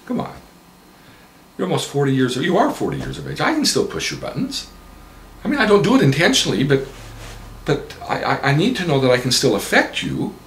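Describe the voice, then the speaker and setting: A man's voice: mid-range voice, wildly swooping pitch, a little fast, a bit bright, slight background noise, voice pushed up. A man voicing a clinging older mother who pleads with her grown son, in a roomy-sounding recording. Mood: wheedling. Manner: pleading, wheedling.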